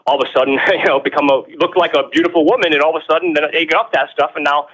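A man being interviewed as a guest on what sounds like a radio show explains his views in an animated, emphatic way, often repeating words and posing rhetorical questions. His voice is on the high side, he talks very fast, and the recording quality is low.

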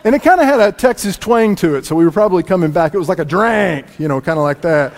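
A man preaching a sermon as pastor, telling a family story with lively shifts between loud lines and quiet asides. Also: high voice, fast. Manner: animated, swings from loud to hushed asides. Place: church sanctuary. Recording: long reverb in a large room.

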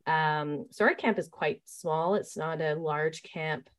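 A woman who leads staff at a summer camp, telling stories in a relaxed interview and talking with many fillers and restarts. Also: sits low, slow pace. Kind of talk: conversational interview storytelling.

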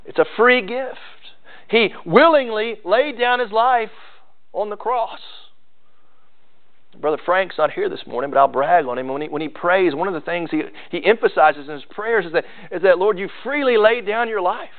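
A pastor preaching a sermon in an earnest manner, repeating phrases and shifting emphasis. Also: male voice, high voice, normal speed. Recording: phone-like narrow sound.

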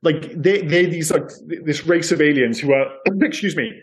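Animated man, slightly high voice. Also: moderate pace. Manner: animated, hesitant, acts out quotes. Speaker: podcast co-host. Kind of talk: casual chat.

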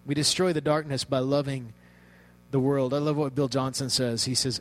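A man preaching a sermon in a conversational way, telling a story with hushed asides. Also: mid-range voice, little pitch movement, normal speed, low-quality recording.

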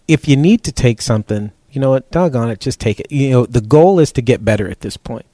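A man's voice: medium pitch, animated, a little fast, warm tone, no echo, studio quality. A man hosting a health talk show, chatting casually and rambling, with many fillers.

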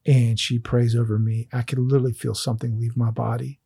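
A man's voice: mid-range voice, flat delivery, brisk, creaky, dark tone, slightly rough, no echo, clean studio sound. A man hosting a faith conversation, telling a personal testimony in an earnest, emotional way.

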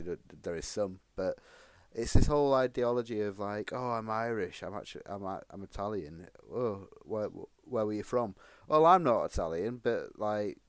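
Low-voiced podcast co-host, rambling, swears a lot, dry close sound. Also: male voice, no echo. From Sheffield, England. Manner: rambling and crude, swears freely. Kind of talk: casual podcast chat.

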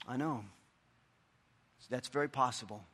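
A middle-aged man preaching a sermon, earnest and conversational, dropping into quiet asides. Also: medium pitch, unhurried, breathy edge. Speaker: pastor.

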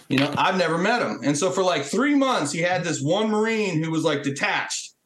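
Veteran guest, male, higher voice, animated swearing storyteller, roomy sound. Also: normal speed. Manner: animated, acts out quotes. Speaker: guest, Marine Corps veteran. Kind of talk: casual profane storytelling. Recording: roomy echo.

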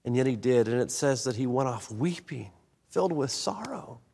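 Male pastor, mid-pitched voice, dramatic dynamic swings, long hall reverb. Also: moderate pace, vocal fry, husky. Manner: animated, swings between loud emphasis and soft low delivery. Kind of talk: sermon.

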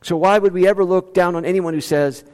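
A man with a high voice preaches a sermon in a church sanctuary, and his voice trails off in a long hall reverb. He talks in a conversational way, reads scripture aloud, and moves between quick bursts and slow, stressed lines. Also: a little mellow. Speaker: pastor.

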